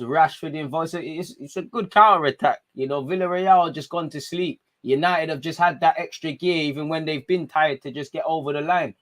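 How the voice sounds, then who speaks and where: Young guy streaming a footy watchalong, slangy, chatty, gets hyped on goals. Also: fairly high pitch. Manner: chatty, excitable, slangy street talk. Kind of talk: live match watchalong commentary.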